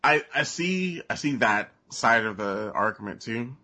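Husky-voiced man with a cold. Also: medium pitch, expressive, bright, forceful tone. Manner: halting, many fillers and restarts. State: has a summer cold. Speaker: podcast co-host. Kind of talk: casual gaming chat.

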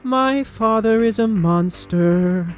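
A man voicing a young woman, speaking in a high, earnest voice. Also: takes it slowly, soft background music. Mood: pleading. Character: young woman pleading against her father.

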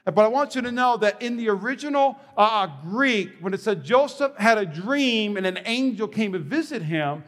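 A man's voice: sits high, animated, normal speed, hardly any pauses, a bit bright. A man preaching a sermon as pastor, telling stories with animation and restarting his words as he goes. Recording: long hall reverb.

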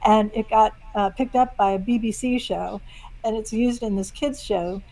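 A woman guest songwriter chatting in an interview, telling stories in a lively way. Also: mid-range voice, normal speed, poor audio. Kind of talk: casual interview chat.

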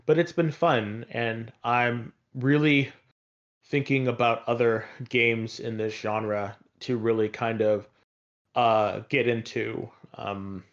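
A man's voice: medium pitch, fairly even intonation, takes it slowly, muffled recording. Rambling man chatting about games. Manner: rambling, with many fillers and restarts. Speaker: podcast co-host. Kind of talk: casual chat about video games.

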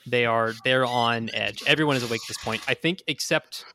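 A man's voice: medium pitch, a little fast, sharp tone, a little hiss or hum. A man running a tabletop game as game master, narrating casually with many stammered restarts.

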